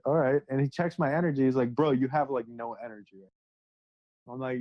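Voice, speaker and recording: Speaking fairly quickly in a medium-pitched, fairly even voice, a young satsang speaker casually describes a spiritual experience. He swears, uses slang, and acts out the dialogue he quotes, all in a dry, dull lo-fi recording without echo.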